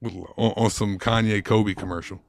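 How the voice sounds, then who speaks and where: A man's voice: lowish voice, steady tone, normal speed, no room sound, studio quality. A man co-hosting a podcast, chatting casually in emphatic, profane sports banter. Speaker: podcast co-host. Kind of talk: casual chat.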